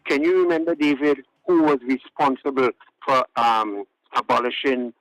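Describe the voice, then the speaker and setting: A man phones in to a radio talk show over a phone line to the studio, earnestly sharing his opinion and repeating words to drive his points home. His voice is medium-pitched and a bit bright, with a steady tone and normal speed. The audio is poor, with no room sound.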